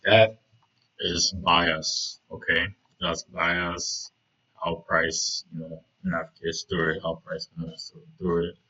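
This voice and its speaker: A man's voice: low-pitched, sharp tone, slightly rough, highs cut off. A man casually talking through trading charts, rambling with many fillers and "right?" checks. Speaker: trading video host.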